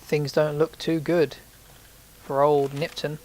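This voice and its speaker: A man's voice: on the high side, little pitch movement, slow pace, darkish tone. A man giving rambling, casual commentary while playing a video game, sometimes swearing when startled. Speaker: let's play host.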